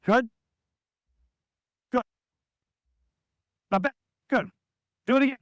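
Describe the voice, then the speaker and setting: A man coaching a basketball practice, giving instructions and calling out drills to players, sometimes acting out what they should shout. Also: very high voice, slow, dry recording, studio quality.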